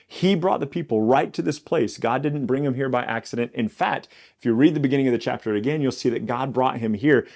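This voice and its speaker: A man's voice: medium pitch, creaky, darkish tone. A man teaching the Bible on a casual podcast. He talks conversationally and often corrects himself mid-sentence.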